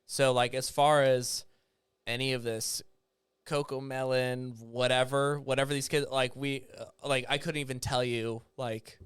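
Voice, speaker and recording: A man's voice: mid-range voice, little pitch movement, unhurried, a bit bright, smooth. A man in his thirties, a father of two young sons, chatting casually as a podcast guest in an easygoing, rambling way and laughing often.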